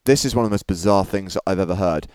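A man's voice: low-pitched, fast talker, darkish tone, no room sound, clean studio sound. A man hosting a casual podcast chat, asking probing, incredulous questions.

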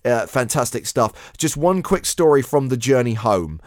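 Male podcast co-host, mid pitch, measured, wry delivery, dry close sound. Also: animated, no room sound. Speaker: poker show co-host. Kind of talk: casual podcast chat.

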